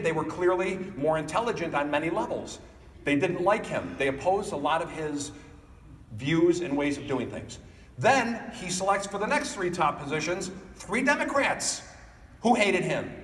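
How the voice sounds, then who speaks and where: A man with a fairly high voice tells stories during a motivational keynote and keeps putting questions to the crowd. The sound comes from a distant mic in a large hall with a long reverb tail. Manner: animated storytelling, addressing the audience directly. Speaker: keynote speaker. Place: conference hall. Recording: echoey hall picked up from a distance.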